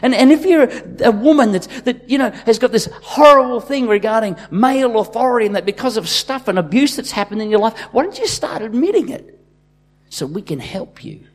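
A man preaching a sermon as a pastor, swinging between loud, impassioned bursts and quiet, intimate asides. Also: very high-pitched, expressive, fairly quick.

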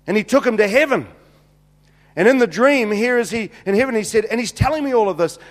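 A middle-aged male preacher with a fairly high voice tells a story to his congregation, acting out each line of dialogue. His words ring with a long hall reverb. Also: fairly quick. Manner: animated, acts out the dialogue, repeats himself. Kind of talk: sermon storytelling.

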